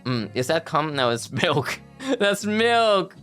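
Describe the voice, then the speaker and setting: A young man casually chatting with viewers on a live stream, playful and quick to laugh as he greets people. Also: mid-range voice, fairly bright tone, faint music behind.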